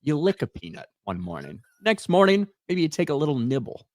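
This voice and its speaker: A man's voice: on the high side, sing-song, a little fast, no room sound, clean studio sound. A man hosting a podcast, talking casually in a brash, profane, mocking way. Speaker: podcast host. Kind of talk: casual chat.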